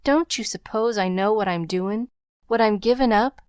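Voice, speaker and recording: A woman's voice: mid-range voice, normal speed, a little mellow, clean tone, dry recording, close to an everyday voice. A woman voicing a proud, crippled poor boy in a storybook, speaking in a choked, faltering way with slangy speech. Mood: tearful.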